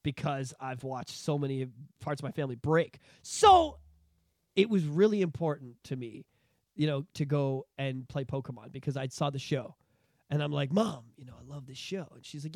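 A man in his thirties hosting a podcast, telling nostalgic stories in an animated, profane, casual way. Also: medium pitch, moderate pace, no room sound, clean studio sound. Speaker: podcast host.

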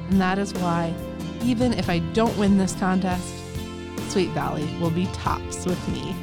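A woman's voice: fairly low pitch, unhurried, loud music behind the voice. A woman reading as an earnest young girl fan. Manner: dramatic letter reading.

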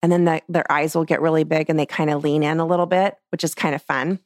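A middle-aged woman, a portrait photographer, explaining her craft in a casual, animated way and acting out what she says to clients. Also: deep voice, fast, no echo, studio quality. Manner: lively, acts out what she tells clients. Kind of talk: casual teaching talk.

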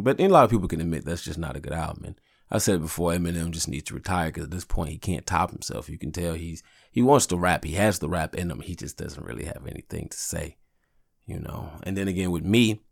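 A man in his thirties talks through a casual solo podcast in a very low voice with a gravelly, creaky edge. He rambles easily from one story to the next and swears freely. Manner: rambling, profane, laid-back storytelling. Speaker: podcast host.

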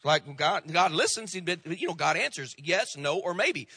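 A man preaching a sermon as pastor, folksy and emphatic, slowing down to stress the words he quotes. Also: a little high, animated, sharp tone, breathy edge, no room sound, long reverb tail.

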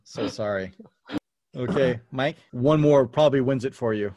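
A man's voice: medium pitch, normal speed, dark tone, no echo. A man hosting a casual quiz game among friends, playful and jokey as he hands out strikes. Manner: playful, jokey, runs the scoring. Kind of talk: casual podcast game show.

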